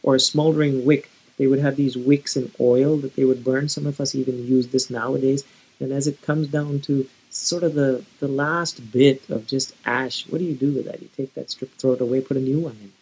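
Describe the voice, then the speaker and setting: A male pastor delivers a sermon in an earnest, pleading way, stumbling and restarting his phrases as he goes. His voice is husky and a little breathy, sitting at an ordinary middle pitch. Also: fairly even intonation, moderate pace, darkish tone, rough recording.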